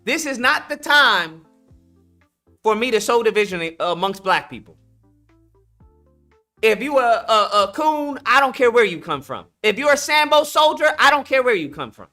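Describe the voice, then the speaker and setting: Man, bright voice, blunt, emphatic, slangy, faint music behind. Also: very high-pitched, sing-song, normal speed. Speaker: livestream host. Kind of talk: casual commentary with callers.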